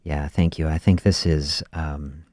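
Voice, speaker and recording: A man's voice: rumbling low, flat delivery, a little slow, a little mellow, no echo, studio quality. A man hosting a podcast, musing in a reflective spoken monologue and often adding "you know" and "see". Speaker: podcast host.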